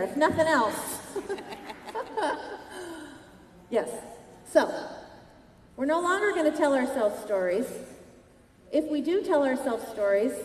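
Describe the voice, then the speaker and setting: Energetic woman speaking in a big hall. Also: high voice. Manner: energetic, addresses the crowd directly with questions. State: losing her voice. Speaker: sales conference speaker. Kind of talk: motivational keynote speech. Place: large convention hall. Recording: echoey hall, voice from far off.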